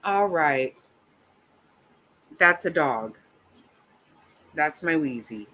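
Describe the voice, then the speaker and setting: A woman's voice: low voice, expressive, extremely slow, bright, forceful tone, poor audio. A woman in her fifties hosting a livestream, chatting casually with viewers and giving blunt, profane reactions to a trial. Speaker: livestream host.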